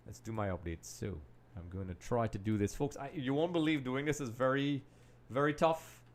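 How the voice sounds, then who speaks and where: A chatty man hosts a live match watch-along, addressing viewers directly as "folks." His medium-pitched voice moves at a normal speed, and he's distracted, multitasking as he comments.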